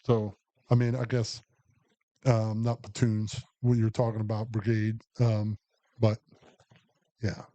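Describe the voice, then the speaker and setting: A middle-aged Army veteran co-hosts a podcast, telling anecdotes in a casual, rambling chat heavy with fillers. His voice is on the low side, dark and monotone, and he speaks slowly with frequent pauses.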